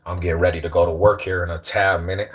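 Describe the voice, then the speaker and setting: Male livestream host, slangy, animated, teasing banter. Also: low voice, fast. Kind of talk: casual livestream chat.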